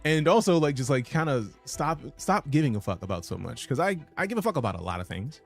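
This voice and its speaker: Lively, animated male streamer. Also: on the high side, fast talker, creaky, faint music behind. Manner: casual, profane, reads chat messages aloud. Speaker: game streamer. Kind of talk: casual live-stream chat.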